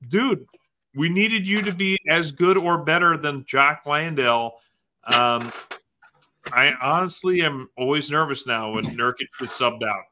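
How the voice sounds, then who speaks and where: Brief: man, bright, sharp voice, slightly high, rambling podcast guest. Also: a little slow, slight background noise. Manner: joking, rambling, with restarts. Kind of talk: casual chat.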